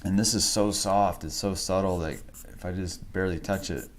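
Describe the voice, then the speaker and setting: A man with a very low voice narrates his portrait drawing live, thinking out loud about shadows and edges. He is relaxed and rambling, pausing to chat with viewers and laugh. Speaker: art instructor livestreaming a drawing. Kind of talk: casual thinking-aloud drawing commentary. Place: home art studio.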